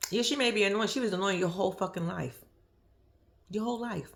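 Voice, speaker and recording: A woman's voice: medium pitch, a little fast, creaky. A young woman vlogger giving casual, profane commentary on a reality show, laughing often and acting out what people said. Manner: animated, profane, laughs often, acts out quotes. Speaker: reaction vlogger.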